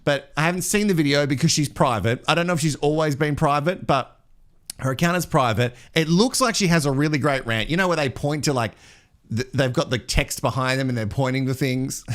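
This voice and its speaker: A man's voice: on the high side, animated, normal speed. Chatty Australian man hosting a gossip show. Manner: chatty, laughing, reading viewer comments. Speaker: host. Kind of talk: live show chat and gossip commentary.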